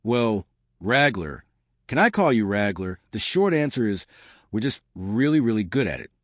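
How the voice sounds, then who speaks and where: A man's voice: lowish voice, sing-song, normal speed, a bit bright, dry recording, clean studio sound. A man doing a breezy, laid-back official. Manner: casual, breezy, teasing. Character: laid-back easygoing man, head of alien relations.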